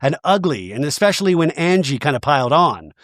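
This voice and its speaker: A calm woman from a reality show who passes on gossip as plain fact, as a podcast host quotes her. The voice stays plain and close to his own. The sound is dry and close. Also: on the high side, brisk, no echo. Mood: matter-of-fact.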